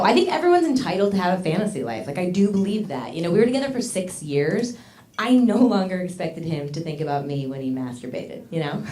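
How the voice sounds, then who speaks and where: A woman's voice: lowish voice, warm tone. A young woman doing a stand-up comedy set on a club stage, candid and self-mocking, laughing through her punchlines. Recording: roomy club sound with audience.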